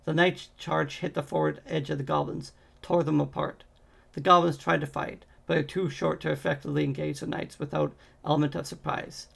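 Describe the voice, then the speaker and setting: A man reading a fantasy novel aloud in a steady way, with occasional slips and restarts. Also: fairly high pitch, brisk, creaky, breathy edge. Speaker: audiobook reader.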